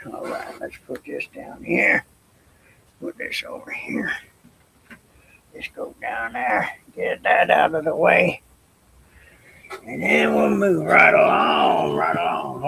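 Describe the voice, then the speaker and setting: A man's voice: on the high side, gravelly, pushed and bright, breathy edge. An older man reading a children's story aloud as a grandfather, with folksy, chatty asides.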